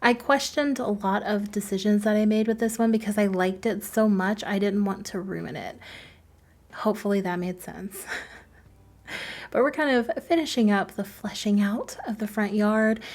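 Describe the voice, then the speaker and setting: A woman's voice: medium pitch, moderate pace, a little mellow. A woman talking casually over her own game-building footage, chatty and self-deprecating, laughing often between thoughts. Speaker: game build video creator.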